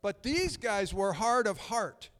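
A middle-aged pastor preaches a sermon in a voice that sits high and sounds a bit bright, animated but slow. He's conversational and emphatic, telling stories and frequently restarting, with long hall reverb around him.

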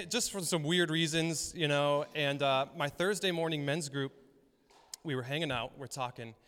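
A young male pastor preaches in a hall with a long reverb that trails after his words. His voice sits a little high, and its tone is smooth and resonant. He keeps things conversational, telling stories and laughing along the way. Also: normal speed, a bit bright. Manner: storytelling, conversational, laughs often. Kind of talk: sermon. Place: church hall.

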